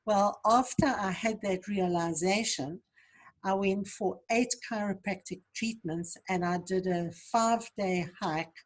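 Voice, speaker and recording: In an interview, a woman who coaches trauma survivors speaks earnestly and reflectively about healing, sharing her personal story and offering advice. Her voice is medium in pitch and a little slow.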